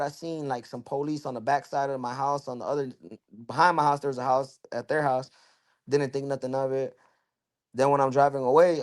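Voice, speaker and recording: A young man, a podcast guest telling his own story in a loose, candid way, full of "you know" and "bro". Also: mid-range voice. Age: young adult. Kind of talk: casual storytelling in a podcast interview.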